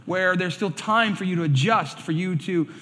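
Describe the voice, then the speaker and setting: High, bright-voiced male pastor preaching. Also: moderate pace. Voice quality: animated storyteller, acts out quoted voices. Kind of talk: sermon. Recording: reverberant hall sound.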